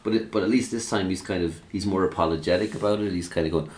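Man, very deep voice, laughs a lot, casual chat. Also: quick pace, hardly any pauses, a little hiss or hum. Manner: laughs often, acts out quotes.

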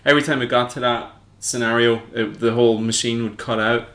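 A man's voice: medium pitch, steady tone, fairly quick, fairly bright tone. A young Irish man chatting casually on a podcast, rambling and reaching for words. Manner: rambling, searching for words with fillers. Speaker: podcast co-host. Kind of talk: casual chat.

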